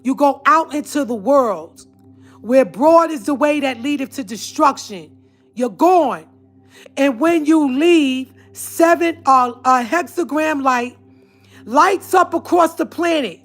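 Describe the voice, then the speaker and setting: A woman's voice: high-pitched, lively intonation, slow, a bit bright, soft background music. A woman telling a personal story to her viewers, speaking in an earnest, emphatic way. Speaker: vlogger.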